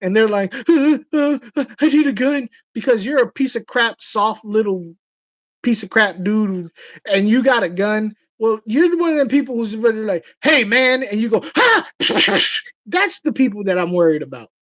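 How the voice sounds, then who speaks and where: A woman hosting a casual livestream chat, telling stories with animated delivery and acting out the voices of people she quotes. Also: mid-range voice, normal speed, no room sound, highs cut off. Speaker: livestream host.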